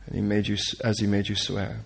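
Guy reading a bible passage out loud to his group, earnest, trips up and fixes it sometimes. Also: lowish voice, completely flat delivery, brisk, vocal fry, husky. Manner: earnest reading with stumbles and corrections, coaxes listeners to repeat names. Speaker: Bible teacher. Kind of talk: reading scripture aloud and leading prayer.

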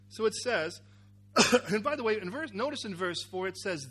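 A man preaching a sermon, acting out a Bible scene with cries, shouts and asides to the congregation. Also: high voice, a little fast. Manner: animated, acts out characters with cries and shouts. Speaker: pastor.

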